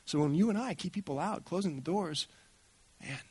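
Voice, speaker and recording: A man speaking at a church gathering, telling a story in an animated way and acting out the people he quotes. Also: fairly high pitch, moderate pace, breathy edge, dry recording. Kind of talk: storytelling talk.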